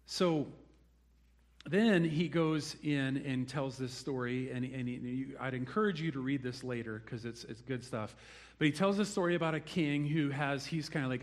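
A man's voice: medium pitch, normal speed. A man preaching a sermon, telling the story with animation and acting out the people he quotes. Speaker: pastor.

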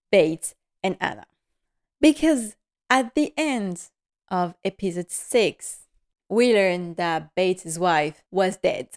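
Lady chatting thru an episode recap, kinda low voice, retells scenes. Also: darkish tone. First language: French. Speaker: podcast host. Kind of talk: casual episode recap and commentary.

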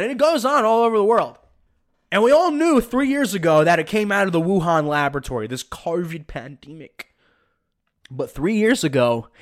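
A man hosting a podcast, delivering emphatic, sarcastic opinion commentary. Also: high voice. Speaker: podcast host.

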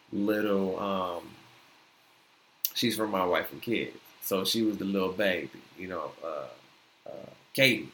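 Young male American podcast host, lower voice, loose slangy rambling delivery, light background noise. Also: bright, forceful tone. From United States. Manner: rambling, loose slang, frequent "you know what I'm saying". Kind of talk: casual opinion talk.

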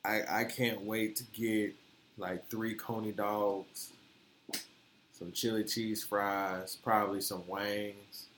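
Man, detroit accent with southern twang, bright voice, echoey room, casual joking chat. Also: fairly low pitch, flat delivery, slow, slight background noise. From born in Florida, raised in Detroit. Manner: laid-back, joking, slangy, often laughing. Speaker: podcast co-host.

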